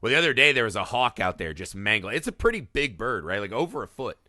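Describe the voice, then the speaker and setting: Male podcast co-host, 30s, very bright punchy voice, animated, profane storyteller, dry close sound. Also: lowish voice, fast talker, no room sound. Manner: animated storyteller, swears a lot, keeps asking "right?". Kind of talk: casual film podcast chat.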